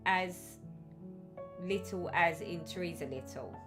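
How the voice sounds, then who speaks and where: A woman's voice: fairly low pitch, slow, music in the background. A woman hosting a casual live stream, chatting and reading out viewers' comments with effusive sympathy.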